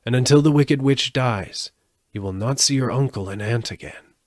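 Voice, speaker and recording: A man voicing a stern, commanding magical head in a storybook reading, giving slow, solemn decrees. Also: mid-range voice, no echo, pitched above the performer's own voice, natural voice.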